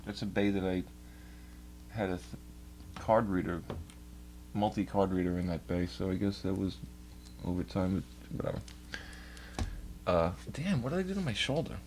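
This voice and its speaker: A man's voice: low voice, lively intonation, moderate pace, long pauses, darkish tone, slight background noise. A young man streaming live from home at his computer, telling a long, profane, complaining story to his chat. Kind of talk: casual rambling rant to a stream chat.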